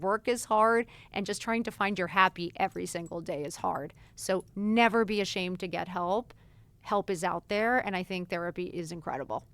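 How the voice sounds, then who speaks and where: A woman's voice: medium pitch, clear, resonant tone. A woman in her forties hosting a podcast, talking candidly and swearing freely while she acts out conversations. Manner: frank and animated, swears freely, acts out quoted exchanges. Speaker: podcast host answering follower questions. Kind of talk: candid casual chat.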